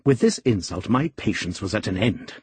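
A man reading a classic novel aloud, expressive and measured. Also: on the low side, husky, dry recording. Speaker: audiobook reader. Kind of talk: scripted novel narration.

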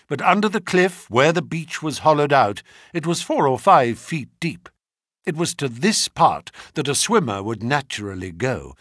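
Expressive man reading a detective story. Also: mid-range voice, breathy edge, dry recording, studio quality. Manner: expressive, dramatic first-person telling. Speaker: audiobook reader. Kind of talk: scripted narration of a classic detective story.

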